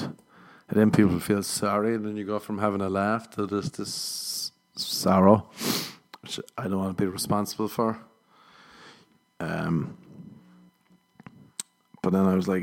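Low gravelly man chatting. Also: flat delivery, a little slow, long pauses. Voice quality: low, gravelly, laughs often. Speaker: podcast host. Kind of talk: casual chat.

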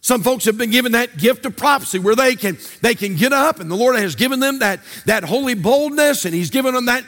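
High-voiced pastor preaching. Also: male voice, expressive, fairly quick, a bit bright. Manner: sing-song preaching cadence, repeating phrases. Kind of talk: sermon. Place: church sanctuary.

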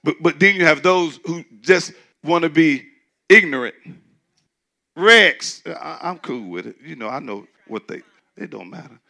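A male pastor with a high, bright, gravelly voice delivers a sermon in a relaxed, conversational style. He swings from low, muttered asides to shouted points. When he quotes skeptics, he jumps into a squealing, mocking voice. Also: a little slow.

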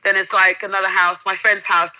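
A woman's voice: mid-range voice, level tone, fairly quick, bright, forceful tone, dry recording, low-quality recording. A woman in casual interview chat, telling stories enthusiastically and vividly as a guest. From England.

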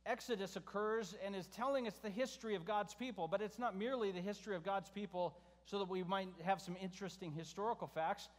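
A man preaching a verse-by-verse sermon, conversational, often asking the congregation questions and shifting his pitch for emphasis. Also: fast talker, hardly any pauses. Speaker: pastor. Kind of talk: expository sermon. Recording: reverberant hall sound.

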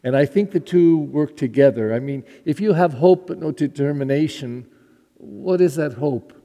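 A man pastor giving a sermon, telling the story with lively asides and restarts, heard in a reverberant hall. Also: a little high, normal speed.

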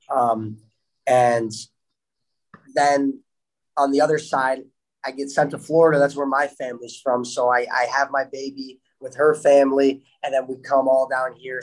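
A man's voice: mid-range voice, low-quality recording. Young guy hockey player chatting, upbeat, laughs a lot, trips over words a bit. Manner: upbeat, laughs often, repeats himself. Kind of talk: casual interview answers.

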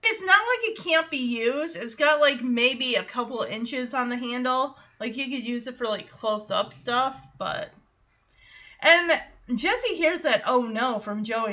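A woman's voice: a little high, measured pace, sharp tone. A woman hosting a podcast, recapping an episode in a chatty, rambling way with lots of fillers and exclamations. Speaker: podcast host. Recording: dull lo-fi sound.

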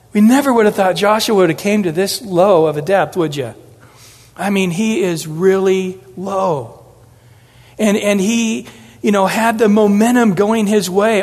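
A man preaching an expository sermon, acting out the scripture quotes with lively shifts of inflection. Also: high-pitched, long reverb tail. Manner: animated, acts out scripture quotes with changing inflections. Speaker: pastor.

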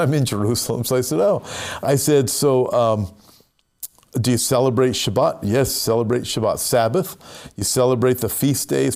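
Guy preaching, mid pitch, gets emphatic and stretches words out for effect. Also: gravelly, a little mellow. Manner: emphatic, rises in pitch for scripture quotes, slows to stress words. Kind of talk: sermon on prophecy.

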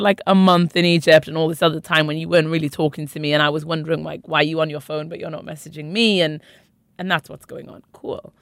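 A woman's voice: deep voice, steady tone, fast talker, no echo. A young woman frankly telling her own story as an interview guest, emphatic and conversational. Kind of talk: candid personal storytelling.

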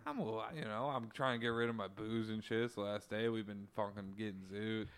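A young man in casual chat, animated, swearing freely and acting out quotes. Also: lowish voice, fairly quick, clean tone.

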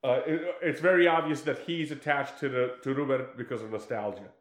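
Guy retelling a movie scene by scene, animated, swears a lot, roomy echo. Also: medium pitch, fairly quick. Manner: animated storytelling with acted-out quotes, swears freely. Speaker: podcast co-host recapping a film. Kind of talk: casual chat.

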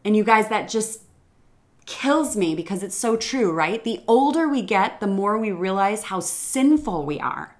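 A middle-aged woman hosting a faith-based podcast, talking in an earnest, reflective monologue with a few hesitant pauses. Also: mid-range voice, expressive. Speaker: podcast host.

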